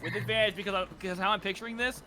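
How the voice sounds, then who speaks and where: A man's voice: high voice, fairly even intonation, very fast. A man narrating a tabletop game as game master, laughing and swearing as he goes.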